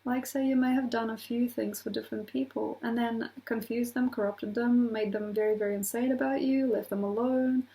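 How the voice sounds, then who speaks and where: A woman's voice: fairly high pitch, steady tone, normal speed, few pauses, dark tone, low-quality recording. A woman astrologer talking casually to camera, rambling from point to point with laughing asides.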